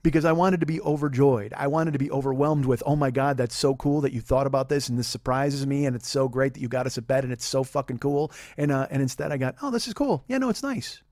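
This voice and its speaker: A man's voice: mid-range voice, little pitch movement, fast talker, hardly any pauses, a little mellow, dry recording, studio quality. A man in his forties, a podcast host, telling a rambling, profane, self-deprecating comedic story. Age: 40s.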